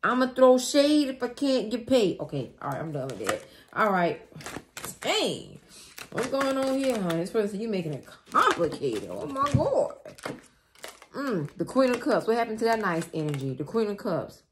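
A woman giving a tarot reading who acts out the other person's side in a dramatic, slangy, animated way, with shrieks of excitement. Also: medium pitch, normal speed, a little hiss or hum. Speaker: tarot reader. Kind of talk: tarot reading acting out the querent's partner.

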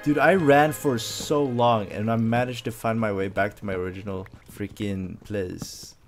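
A man doing excitable let's play commentary, yelping when startled. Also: fairly low pitch, normal speed, soft background music. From Sweden. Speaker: gameplay commentator.

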